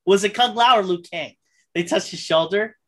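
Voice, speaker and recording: Woman, podcast co-host, casual chat, animated, lots of fillers. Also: medium pitch, normal speed. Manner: animated, many fillers and restarts.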